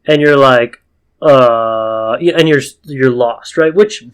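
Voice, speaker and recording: A man's voice: a little high, a little slow, clean tone. A man co-hosting a casual podcast about tabletop games, talking in a rambling way with many fillers and restarts. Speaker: podcast co-host.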